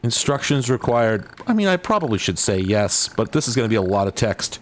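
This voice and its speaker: Muttering through casual commentary on retro games, this male host has a voice in the middle of the usual range, with big pitch swings and a brisk delivery that leaves few pauses. His tone is sardonic and rambling, and he keeps breaking off sentences only to start them again.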